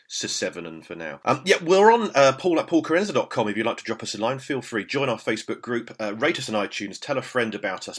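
A man's voice: lowish voice, fairly bright tone, breathy edge. A man in his forties, host of a comedy podcast, plugging his work in a dry, self-mocking way. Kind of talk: casual comic chat.

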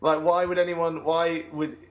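Co-host, kinda high voice, laughs a lot, rambly chat. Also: male voice, level tone, a little slow. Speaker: podcast co-host. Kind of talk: casual chat.

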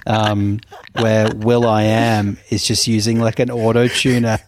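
A man co-hosting a podcast, with a slow, dry, sarcastic delivery and frequent laughter. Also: lowish voice, flat delivery. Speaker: podcast co-host. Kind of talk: casual comedic chat.

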